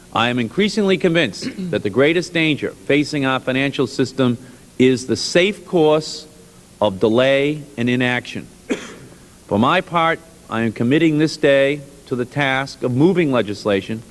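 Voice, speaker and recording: Emphatic man chairing a hearing, echoing hall. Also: mid-range voice. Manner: measured, emphatic, clears throat. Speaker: subcommittee chairman. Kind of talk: formal hearing opening statement. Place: congressional hearing room. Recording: archival hearing room audio with long reverb.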